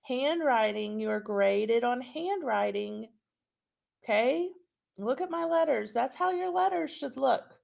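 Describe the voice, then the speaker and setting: A woman teacher talks through a recorded class lesson at an unhurried, deliberate pace. Her voice sits a little high, with a gravelly fry. She keeps checking in with "okay?". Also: expressive, darkish tone. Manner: slow, clear instructional delivery with frequent checks.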